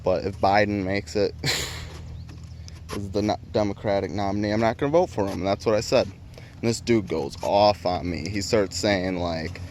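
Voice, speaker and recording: A man's voice: lowish voice, moderate pace, a little hiss or hum. A man vlogging an opinion rant, heated and rambling, swearing constantly and restarting his sentences.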